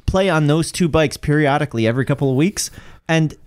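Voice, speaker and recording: A man's voice: on the high side, brisk, clean tone. A man co-hosting a casual chat, throwing in dry, sarcastic quips. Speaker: podcast co-host.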